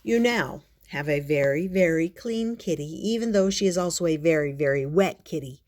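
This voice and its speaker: An older woman as a storytelling grandmother, reading a children's picture book aloud in an unhurried, expressive way with playful asides. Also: sits low, noisy background.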